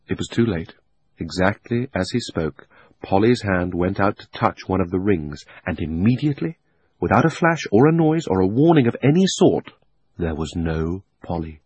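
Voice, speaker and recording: A low-voiced male narrator reading a storybook aloud, husky in tone. His pitch rises and falls freely as he tells the tale, in an expressive audiobook style. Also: moderate pace.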